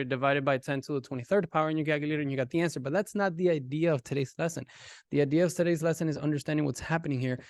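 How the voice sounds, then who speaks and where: A man teaching a casual math lesson, animated and talking directly to his students. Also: a little high, no room sound, studio quality.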